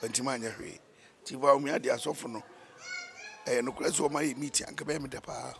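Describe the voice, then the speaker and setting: A man's voice: mid-range voice, steady tone, brisk, creaky, slight background noise. A man giving emphatic, opinionated views as co-host in a casual political chat.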